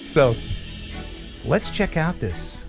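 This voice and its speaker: A man's voice: on the high side, big pitch swings, extremely slow, vocal fry, music in the background. A man from the USA hosting a casual live stream chat, joking, laughing often and slipping into playful impressions.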